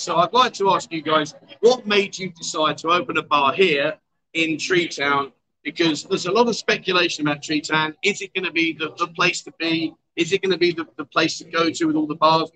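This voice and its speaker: A man's voice: a little high, pushed and bright, low-quality recording. A man hosting a casual livestream chat show at a bar, teasing and coaxing his guests. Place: outdoor bar.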